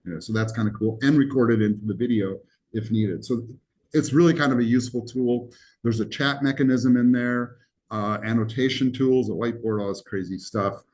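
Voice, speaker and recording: A man's voice: mid-range voice, a little fast, a little mellow, slight background noise, rough recording. A man teaching a live college class, explaining things in a casual, rambling way with joking asides. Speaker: college instructor.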